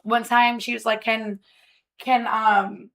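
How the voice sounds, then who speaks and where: A woman's voice: fairly high pitch, little pitch movement, slow pace, a bit bright. Woman telling a story on a podcast. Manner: storytelling, many fillers and restarts. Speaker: guest. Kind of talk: casual podcast chat.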